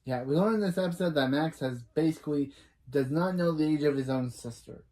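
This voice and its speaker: A man's voice: on the high side, a little fast, dark tone. A man casually recapping a kids' show episode, rambling and correcting himself as he reacts. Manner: rambling, self-correcting asides. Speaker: show reviewer.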